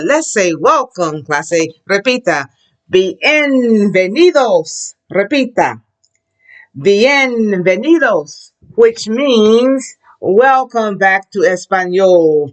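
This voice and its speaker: A woman teaching a children's Spanish class, drawing out words slowly for the class to repeat. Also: medium pitch. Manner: slow, drawn-out call-and-repeat prompts. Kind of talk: children's language lesson. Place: classroom with a chart behind her.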